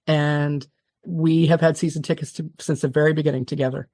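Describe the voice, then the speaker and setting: A woman guest on an interview podcast, telling a long story in an animated, fast-talking way, often restarting her sentences. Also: low-pitched, no echo, studio quality. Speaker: television producer, guest.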